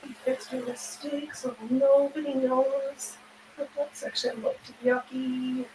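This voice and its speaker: A woman's voice: high-pitched, flat delivery, slow pace, very noisy. A woman hosting a livestream, chatting casually and laughing often as she sews and answers her chat. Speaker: livestream host. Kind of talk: casual chat while sewing on stream. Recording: echoey room with faint ambience.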